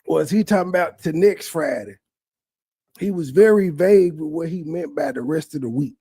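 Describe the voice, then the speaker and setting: A man's voice: fairly high pitch, normal speed, warm tone, slightly rough, no room sound, studio quality. A man hosting a stream reaction, giving crude, sarcastic live commentary with heavy cursing.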